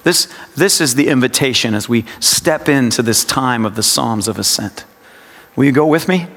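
A man giving a devotional sermon, speaking slowly and reflectively and repeating scripture lines with shifting emphasis. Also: medium pitch, lively intonation, a bit bright. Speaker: pastor. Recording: long reverb, hall-like.

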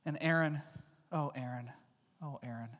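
A man's voice: on the high side, moderate pace, a bit bright, long reverb tail. A man preaching a sermon as pastor, emphatic and repeating lines for stress.

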